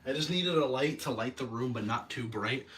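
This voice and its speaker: A man's voice: mid-range voice, normal speed, a bit bright, slight background noise. A man hosting a casual show-and-tell vlog, rambling and self-correcting, with a self-deprecating, nerdy enthusiasm. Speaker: video host.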